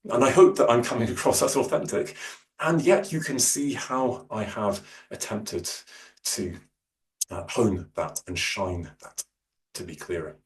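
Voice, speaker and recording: A man giving a workshop talk on public speaking, with many fillers and restarts, who shifts his loudness and pace. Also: on the low side. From Scotland. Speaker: lecturer. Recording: roomy, distant mic, faint hum.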